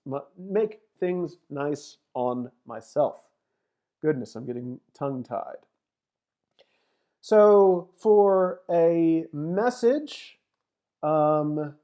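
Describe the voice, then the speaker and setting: A woman's voice: sits low, warm tone. A woman lecturer walking through a math problem on screen, methodically thinking aloud as she types and reads out long numbers. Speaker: mathematics lecturer. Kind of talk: screen-recorded lecture walkthrough.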